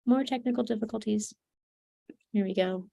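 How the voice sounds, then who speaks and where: A woman's voice: a little high, moderate pace, gravelly, mellow. A woman presenting an online seminar as a trauma coach, speaking earnestly with fillers and restarts, through a computer mic.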